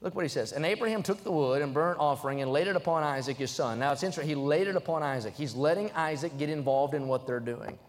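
A young man preaching a sermon in a church, emphatic and rising to loud, fervent peaks, reading scripture aloud between his points. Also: on the high side, quick pace, few pauses, long reverb tail. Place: church sanctuary.

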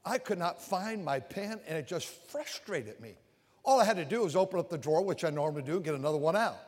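An older male preacher giving a sermon, animated and repetitive, swinging from loud outbursts to hushed confessions. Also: a little high, fast. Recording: long reverb of a large hall.

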